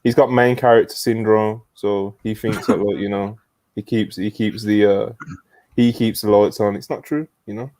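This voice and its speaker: A man's voice: fairly low pitch, steady tone, moderate pace, a little mellow, dry recording. A man co-hosting a podcast in a casual chat, easygoing and laid-back. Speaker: podcast co-host.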